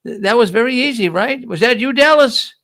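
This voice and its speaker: A man's voice: very high-pitched, expressive, a little fast, fairly bright tone. A man hosting a casual live-stream quiz, jokey and playful, often repeating himself. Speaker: show host running a quiz.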